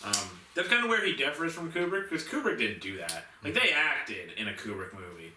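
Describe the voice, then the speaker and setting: A man's voice: a little high, sing-song, brisk, far from the mic. A man co-hosting a movie review show, chatting casually about films with lots of fillers and hesitations. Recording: echoey room, voice off-mic, faint noise.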